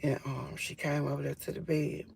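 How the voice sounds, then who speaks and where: A woman's voice: low-pitched, little pitch movement, moderate pace, gravelly, darkish tone, a little hiss or hum. A woman telling her own story in a casual live stream on her phone, emphatic, with frequent fillers. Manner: emphatic, with frequent fillers like "or whatever" and "you feel me".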